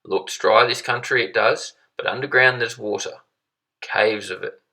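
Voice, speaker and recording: A man's voice: fairly low pitch, a little slow, vocal fry, sharp tone, far from the mic, full character voice. A man voicing a chirpy, chatty balding English neighbour with an English accent in a read-aloud story.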